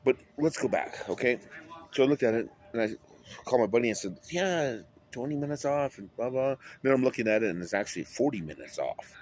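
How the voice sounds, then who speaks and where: A man's voice: on the low side, expressive, quick pace, darkish tone, a little hiss or hum. A man talking in a rambling monologue, drifting between topics and swearing often. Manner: rambling, wandering, with frequent swearing.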